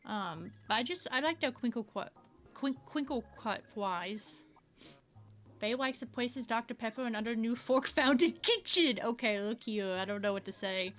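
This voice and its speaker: A sugary uwu baby-talk girl, as a woman streamer puts her on, lisping and stretching her questions out in a voice that sits a bit high. Faint music plays under her chat. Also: expressive, moderate pace, a bit bright. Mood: playful. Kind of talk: casual live-stream chat while drawing.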